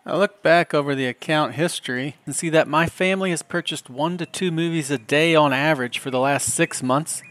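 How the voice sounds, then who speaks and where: A middle-aged man hosting a podcast, telling comic stories in a wry, deadpan way. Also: fairly high pitch, a little fast, hardly any pauses, no room sound. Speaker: podcast host. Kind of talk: comedic storytelling monologue.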